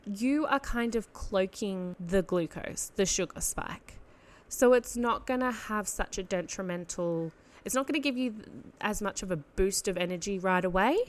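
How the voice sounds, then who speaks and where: A young Australian woman chats through a solo podcast episode in a loose, rambling way. She leans on "like", restarts her sentences, and laughs at herself along the way. Her pitch sits in the middle range for a woman. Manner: chatty, rambling with lots of "like" and self-corrections. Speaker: podcast host. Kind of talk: casual solo podcast talk.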